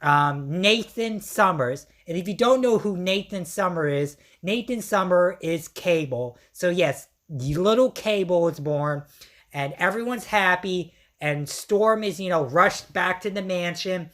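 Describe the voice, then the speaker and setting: A woman reviewer giving an excited, casual recap, her voice strained from yelling. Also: fairly low pitch, measured pace. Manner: excitable, many fillers and slang.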